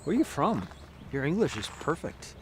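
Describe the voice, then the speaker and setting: A man's voice: fairly high pitch, big pitch swings, moderate pace, slight background noise. A man acting an awkward, stammering role in a comedy sketch.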